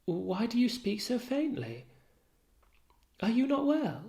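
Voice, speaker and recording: A man voicing Desdemona, a gentle, anxious young wife, in a raised, solicitous reading of play lines. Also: extremely high pitch, very animated, slow, gravelly, voice pushed up, exaggerated voice. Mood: concerned.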